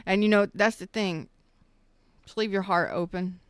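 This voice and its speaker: A woman reading tarot on a live stream, emotional and choked up, talking slowly and soothingly with halting pauses. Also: medium pitch, steady tone, dry recording. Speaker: tarot reader.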